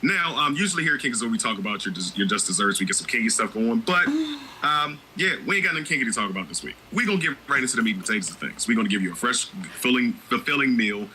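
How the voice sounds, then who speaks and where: A man in his thirties hosting a casual podcast chat, playful and drawling, low on energy. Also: expressive, fast talker, sharp tone, slight background noise, low-quality recording. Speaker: podcast host.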